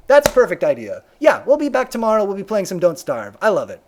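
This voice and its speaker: A man's voice: sits high, sing-song, measured pace, darkish tone. A man streaming a video game live, chatting casually, reading game text aloud and humming to himself, his voice a little worn.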